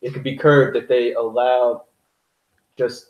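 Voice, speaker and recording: A man's voice: mid-range voice, little pitch movement, measured pace, highs cut off. A man co-hosting a podcast, giving his views in a blunt, profane, emphatic way. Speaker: podcast co-host. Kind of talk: casual opinionated podcast chat. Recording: echoey room.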